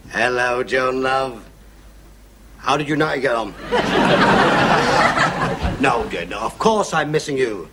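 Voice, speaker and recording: A man's voice: medium pitch, sing-song, slow, long pauses, very noisy. An actor playing a mouthy, needling immigrant man, chatty and laughing at his own jokes in a 1970s studio sitcom. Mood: cheeky. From England. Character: cheeky, mouthy English immigrant man, quick to insult. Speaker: sitcom character, English newcomer.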